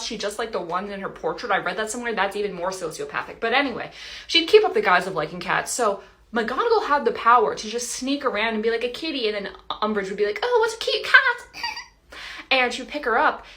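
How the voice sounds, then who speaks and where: A woman's voice: medium pitch, fairly bright tone. A young adult woman delivering a casual comedic monologue to camera, chatty and playful, with lots of "like" and "you know". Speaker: TikTok creator.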